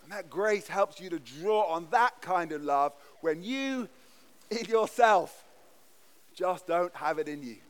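A man's voice: high-pitched, lively intonation, a little slow, clean tone. A man preaching a sermon in a church, earnest and emphatic, often restarting his words. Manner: earnest, emphatic delivery with frequent stammered restarts. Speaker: pastor.

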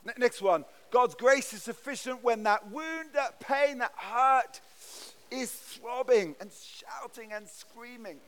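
A man's voice: very high voice, slow pace. A man preaching a sermon in a church, earnest and emphatic, often restarting his words. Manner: earnest, emphatic delivery with frequent stammered restarts. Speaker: pastor.

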